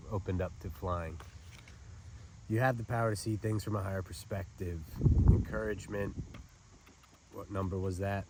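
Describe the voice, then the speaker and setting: A man with a fairly low voice gives a casual spiritual oracle card reading outdoors at a lakeside park. He talks in a loose, rambling, chatty way, drifting between asides and card readings. Faint outdoor noise and birds sit quietly behind him.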